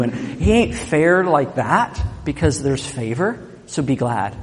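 A man preaching a sermon, animated and joking as he tells a Bible story, in a church. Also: mid-range voice, moderate pace, long reverb tail. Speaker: pastor.

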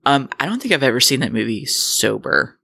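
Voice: medium pitch, very animated, fairly quick, vocal fry, bright, forceful tone, husky, dry recording. A co-host of a casual film review podcast, offering wry, dry-humored analysis.

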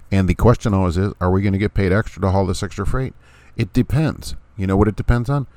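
A man's voice: low voice, warm tone, no echo. A man hosting a podcast, talking bluntly and sarcastically, hammering his points home with repetition. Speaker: podcast host. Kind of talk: casual opinion podcast.

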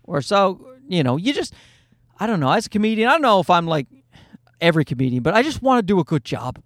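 Rambling high-voiced comedian, close and dry. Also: male voice, very animated, quick pace, fairly bright tone, no room sound. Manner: rambling, self-deprecating, swears freely. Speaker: comedian and podcast host. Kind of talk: casual storytelling monologue.

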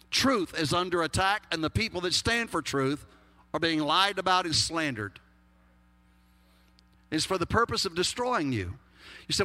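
Emphatic Texan pastor in a reverberant hall. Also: male voice, on the high side, bright, forceful tone. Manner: folksy and emphatic, with humorous asides. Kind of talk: sermon.

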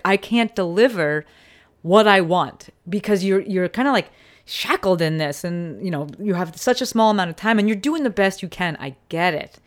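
A woman hosting a podcast and talking casually and earnestly, with the occasional swear word. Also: medium pitch. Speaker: podcast host; physical therapist.

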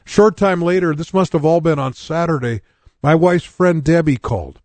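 A man's voice: a little high, normal speed, darkish tone, no room sound. Earnest older man giving a testimony. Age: 60s. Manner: earnest, plain-spoken storytelling that speaks straight to listeners. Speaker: preacher. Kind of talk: personal testimony sermon.

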